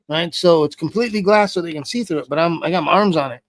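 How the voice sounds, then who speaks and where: A man's voice: fairly high pitch, racing, no echo. A man being interviewed, telling a story casually with heavy swearing. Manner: profane, animated retelling with heavy swearing. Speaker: interview guest.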